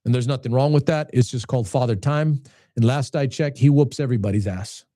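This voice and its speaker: Host in his late fifties, casual and meandering, with a warm low-key tone and a dry sound. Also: brisk, no room sound. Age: 50s. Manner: rambling, many restarts and repeated words. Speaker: channel host. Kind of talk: casual talk to camera.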